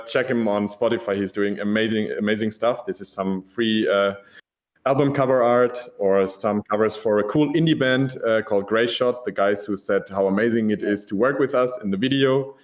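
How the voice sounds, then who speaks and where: A man giving a casual, enthusiastic conference presentation, laid-back and full of ums. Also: medium pitch.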